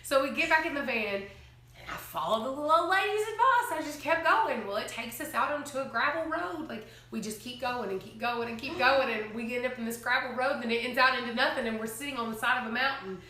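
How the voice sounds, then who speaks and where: Animated woman telling stories. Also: fairly high pitch, fast talker, reverberant. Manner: animated storytelling, laughs often, acts out quotes. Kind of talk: casual chat.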